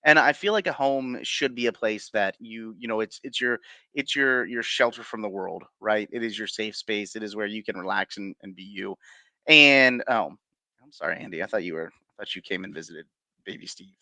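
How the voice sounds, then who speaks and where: A man's voice: fairly low pitch, normal speed, pushed and bright, no room sound. A man being interviewed as a paranormal investigator, telling his stories casually with many fillers, restarts and chuckles.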